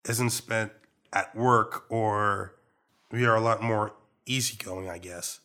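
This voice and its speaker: A young man from Trinidad and Tobago, a guest in a casual interview, talking in a relaxed, jokey way with an accent that moves between American and Trinidadian. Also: fairly low pitch, takes it slowly. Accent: American, switching to Trinidadian partway.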